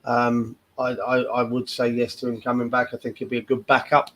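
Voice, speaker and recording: A man hosting a casual football fan podcast, often pausing and restarting his sentences. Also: mid-range voice, completely flat delivery, fairly bright tone, poor audio. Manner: hesitant, restarts with repeated words. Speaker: podcast host. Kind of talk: casual chat.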